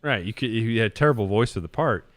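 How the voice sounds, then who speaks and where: A man's voice: fairly low pitch, lively intonation, fast talker. A man hosting a casual podcast conversation over a video call, joking and talking over the others. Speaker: podcast host.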